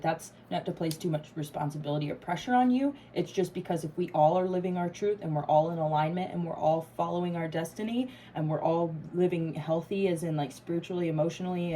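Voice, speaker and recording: A woman's voice: low voice, mellow, slight background noise, poor audio. A woman doing a casual tarot reading to camera, emphatic and swearing freely. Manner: emphatic, swears freely, laughs and gets emotional. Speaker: tarot reader.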